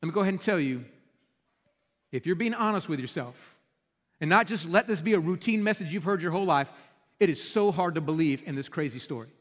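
High-voiced pastor preaching with emphasis. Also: male voice, brisk, long reverb tail. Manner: animated, emphatic storytelling. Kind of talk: sermon. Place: church sanctuary.

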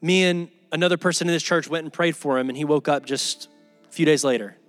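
A man's voice: on the high side, quick pace, faint music behind. A man preaching a sermon to his church in a casual, conversational way, acting out the people in his stories. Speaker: pastor.

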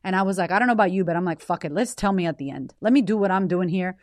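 A woman's voice: lowish voice, very fast, no echo. Woman host, 30s, raw and emotional storyteller who swears a lot, dry close sound. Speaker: podcast host. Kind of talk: personal storytelling monologue.

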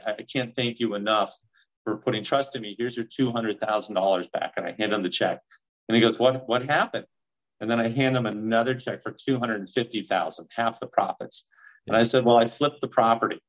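This low-voiced man, a real estate investor appearing on a podcast, brings his story to life by performing the quoted lines. The recording sounds muffled.

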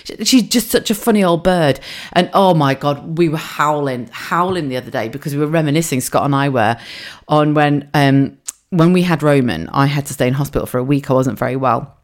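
Low-voiced chatty woman. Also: a little fast. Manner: chatty, earthy, laughs and swears while telling stories. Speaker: podcast host. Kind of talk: casual solo podcast storytelling.

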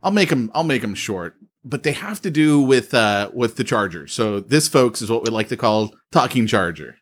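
A man's voice: medium pitch, expressive, moderate pace. A man co-hosting a podcast, chatting casually and telling stories with frequent laughs over a remote call. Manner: chatty, laughs often, storytelling. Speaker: podcast co-host.

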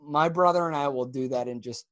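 A man's voice: a little high, fairly quick, fairly bright tone, no echo, studio quality. A man co-hosting a podcast, telling stories animatedly and quoting lines with laughter. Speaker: podcast co-host. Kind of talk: casual chat.

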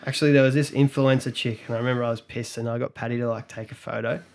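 A man's voice: medium pitch, little pitch movement, racing, gravelly, a little mellow. A young Australian man with an Australian accent, chatting on a podcast. He rambles through stories with plenty of swearing, in a mid-range voice. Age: young adult. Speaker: podcast co-host. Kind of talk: casual chat.

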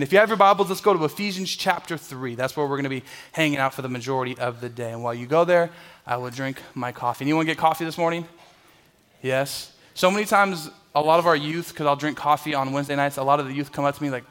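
A young man preaches to his church in a slightly higher voice. He tells his stories with energy and acts out the people in them, then moves into prayer and scripture. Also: fast. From Southern California. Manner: animated storyteller, acts out voices. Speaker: pastor. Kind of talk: sermon with a personal story.

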